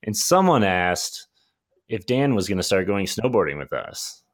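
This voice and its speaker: Low-voiced guy cohosting a podcast, bouncy lively delivery, chill jokey vibe. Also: a little slow. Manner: laid-back, joking, hesitant restarts. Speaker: podcast co-host. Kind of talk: casual chat.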